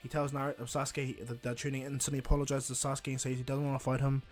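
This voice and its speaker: A man's voice: mid-range voice, flat delivery, fast talker, soft background music. A man casually retelling a fan story, rambling along with restarts and "and he goes.".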